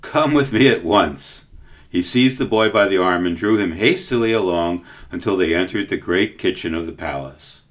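A man narrating a storybook in a measured, expressive way. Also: low voice. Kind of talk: audiobook storytelling.

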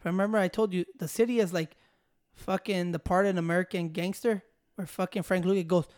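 A man's voice: sits high, fairly even intonation, a little fast, a little mellow, smooth. Argumentative guy. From Chicago area. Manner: profane, argumentative, calls his friend "bro". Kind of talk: casual chat.

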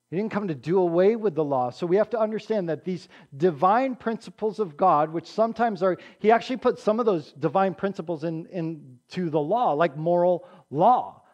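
A man's voice: sits high, normal speed, darkish tone, dull audio. A man preaching a sermon in a conversational, emphatic way, often checking in with his congregation and acting out quotes. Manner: emphatic, acts out quotes with raised voice. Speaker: pastor.

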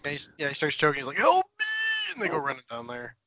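A man's voice: mid-range voice, fairly even intonation, racing, pushed and bright, dry recording, muffled recording. A man co-hosting a podcast, joking animatedly and laughing often. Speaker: podcast co-host. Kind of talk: casual chat.

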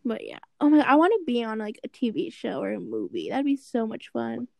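A woman's voice: fairly high pitch, a little fast, creaky, dry recording. Giggly young woman podcast co-host. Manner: giggly, animated storytelling. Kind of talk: casual chat.

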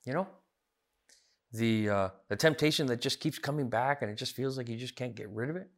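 A man's voice: medium pitch, fairly quick. A man as pastor preaching a sermon, earnest, building to emphatic repeated phrases. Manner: earnest, rising emphatic repetitions.

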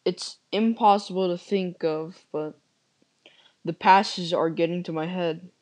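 A woman giving a mock-serious comedic confession, overly dramatic in deadpan despair. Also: lowish voice, measured pace.

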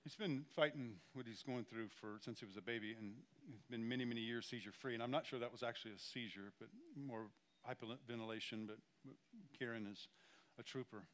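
A man's voice: mid-range voice, a little fast. A man preaching a sermon as pastor, talking conversationally and emphatically, repeating phrases and speaking straight to the congregation.

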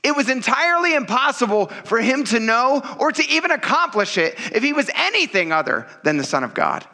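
Pastor guy preaching, jokey and chatty, bright high voice that bounces around a lot. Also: big pitch swings, a little fast. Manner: conversational, joking, emphatic. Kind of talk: sermon.

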